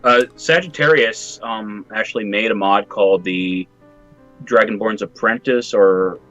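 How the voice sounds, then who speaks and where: A man with a Minnesota accent chatting casually as a guest, halting and chuckling through his stories. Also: on the low side, a bit bright, highs cut off, faint music behind. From southern Minnesota. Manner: halting, laughs at own stories. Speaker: guest, mod user. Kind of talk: casual chat.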